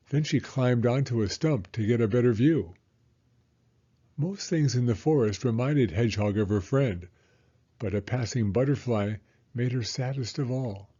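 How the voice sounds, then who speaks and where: Animated man reading a kids' book. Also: medium pitch, breathy edge, lo-fi sound. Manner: expressive, animated storytelling. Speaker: storybook reader. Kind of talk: reading a children's book aloud.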